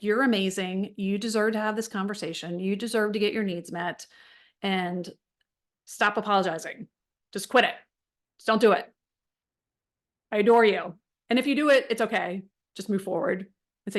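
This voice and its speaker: A woman's voice: medium pitch, normal speed. A middle-aged woman leading a wellness support group, talking casually and frankly with many fillers and restarts. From United States.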